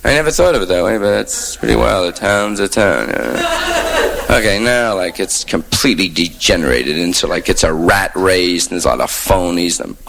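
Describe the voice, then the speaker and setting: Stand-up guy from new york, gravelly, voice swings all over, rambly hip slang, noisy old tape. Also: low voice, very animated, moderate pace, fairly bright tone. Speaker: stand-up comedian. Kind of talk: stand-up monologue. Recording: noisy old live recording.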